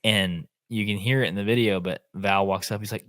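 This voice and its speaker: A man, a podcast host telling an animated hunting story in casual chat. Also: lowish voice, fairly quick, no echo, studio quality. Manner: animated, acts out quotes in voices.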